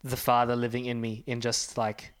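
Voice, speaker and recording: A man's voice: mid-range voice, monotone, normal speed, smooth. A young man, a church minister, sharing an earnest personal testimony and reading scripture aloud with growing force. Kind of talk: personal testimony in a faith conversation.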